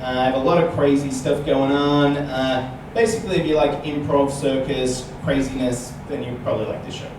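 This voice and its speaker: A male comedian telling a stand-up story and chatting on stage, animated and tagging lines with "right?". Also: mid-range voice, normal speed, few pauses. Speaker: comedian guest. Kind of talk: live stand-up storytelling and chat. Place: small comedy venue with audience. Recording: echoey live room, distant mic, noisy.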